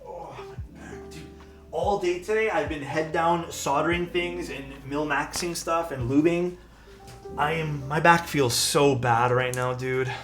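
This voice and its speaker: A man casually chatting as a live streamer while building a keyboard, rambling and relaxed, often saying "dude". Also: a little high, a little slow, soft background music. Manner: laid-back, rambling, peppered with "dude" and "like".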